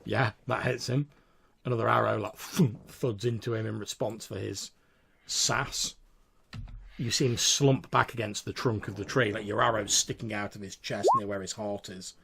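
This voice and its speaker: Low, gravelly game master narrating. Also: male voice, fairly even intonation, normal speed, a bit bright, a little hiss or hum. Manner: casual, descriptive, many fillers like "like".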